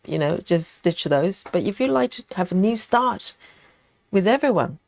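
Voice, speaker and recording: A woman's voice: medium pitch, normal speed, creaky, no echo. Chatty woman hosting a stitching stream. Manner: chatty, relaxed, many fillers, eating chocolate while talking. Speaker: cross-stitch livestream host. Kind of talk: casual livestream chat.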